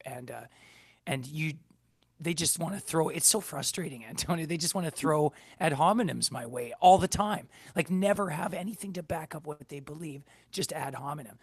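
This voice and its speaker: A man hosts a casual online chat, talking in a gravelly, husky voice. He rambles and swears freely as he vents. The sound is dry and close. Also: fairly high pitch, moderate pace, no echo. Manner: swears heavily, rambling and heated. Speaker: livestream host. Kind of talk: casual chat on a video call.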